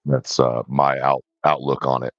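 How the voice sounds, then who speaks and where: A man speaking as a panel guest on a livestream, in a measured, cautious way with frequent ums. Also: rumbling low, flat delivery, no room sound. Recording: dull lo-fi dry call audio.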